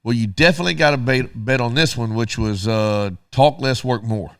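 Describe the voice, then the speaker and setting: A man's voice: medium pitch, a little fast, clean tone, dry recording, studio quality. A middle-aged man, co-hosting a radio show and telling a story casually while acting out both sides of the dialogue.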